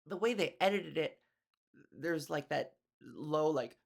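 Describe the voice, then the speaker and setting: A woman's voice: low voice, expressive, a little slow, creaky. A woman hosting a comedy podcast, talking in a casual rambling monologue, swearing a lot and acting out the people she mocks.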